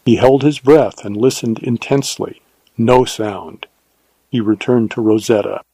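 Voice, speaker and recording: A man reading a western novel aloud as narrator, in a measured, even storytelling manner. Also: mid-range voice, slightly rough, no echo, low-quality recording. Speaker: audiobook narrator. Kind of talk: scripted narration.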